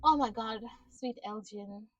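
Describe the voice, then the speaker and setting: A woman's voice: on the high side, measured pace, fairly bright tone, far from the mic, highs cut off. A woman giving a casual recap of a TV episode, ranting in exasperation with frequent swearing and laughter. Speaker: show reviewer.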